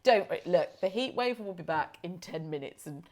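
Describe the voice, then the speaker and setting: A woman from the UK co-hosting a relaxed podcast chat. She tells stories, laughs often and keeps the talk light. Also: on the low side, normal speed. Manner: chatty storyteller, laughs often. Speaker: podcast co-host. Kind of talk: casual chat.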